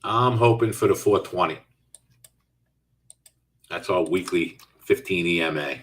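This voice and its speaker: Middle-aged male trading host, lowish voice, loose live-chat delivery, sitting a little back from the mic. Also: unhurried, a bit bright, far from the mic. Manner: casual, reads out and answers viewer chat while trading. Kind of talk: live trading stream commentary.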